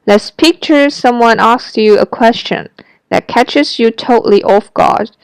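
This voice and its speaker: A woman's voice: a little high, unhurried, vocal fry, clean tone, dry recording, poor audio. A woman teaching Mandarin pronunciation in a scripted lesson, carefully demonstrating each sound.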